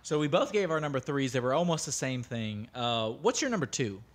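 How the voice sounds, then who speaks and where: A man's voice: mid-range voice, very animated, fairly quick. An American man co-hosting a podcast, blunt and opinionated, swearing freely in casual chat. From United States. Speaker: podcast co-host.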